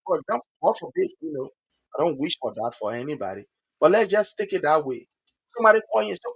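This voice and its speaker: A Liberian man giving impassioned political commentary in a preachy, repetitive way, acting out other people's words in quick asides. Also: high-pitched, sing-song, gravelly, fairly bright tone, slightly rough, muffled recording.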